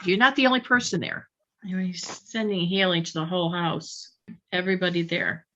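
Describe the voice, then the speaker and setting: A woman's voice: fairly low pitch, fairly even intonation, moderate pace, bright, forceful tone, dull audio. A woman spiritual healer leading a live online session, insisting and repeating her points emphatically.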